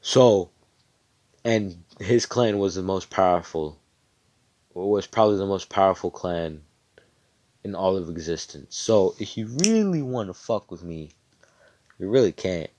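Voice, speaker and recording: A man voicing a boastful, crude young male hero who swaggers and swears in a low voice, close to his own. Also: lively intonation, measured pace, pauses often, a little mellow.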